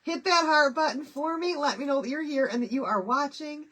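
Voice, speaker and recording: A woman's voice: high-pitched, fairly quick, fairly bright tone, slight background noise. A middle-aged woman from Michigan hosting a casual live craft stream, nasal and stuffy from a head cold, chatty and bubbly as she greets viewers by name. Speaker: craft livestream host.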